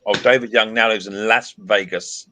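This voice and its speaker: A man's voice: fairly low pitch, fairly even intonation, moderate pace, sharp tone, slight background noise. A man from England hosting a casual live stream chat, teasing his guests, greeting viewers by name and laughing often. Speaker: livestream host.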